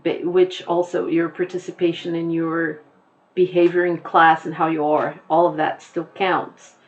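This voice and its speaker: Slow-talking woman teacher, lo-fi sound. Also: lowish voice, level tone. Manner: slow, patient explaining with examples. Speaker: English teacher. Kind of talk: recorded class lesson.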